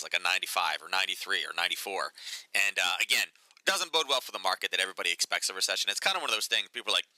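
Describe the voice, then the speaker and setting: A man's voice: low voice, racing, bright, forceful tone, no room sound, rough recording. A man hosting casual live market commentary, chatty and sarcastic. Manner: chatty, sarcastic, lots of "right?" and "um". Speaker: market analysis host.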